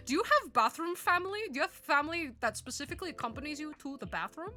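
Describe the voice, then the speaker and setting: A young woman streamer chats casually and giggles often between her lines. Her voice sits high and swoops lively up and down, with a bright tone. Her throat is still a touch scratchy. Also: fast talker, hardly any pauses, faint music behind. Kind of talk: casual live-stream chat.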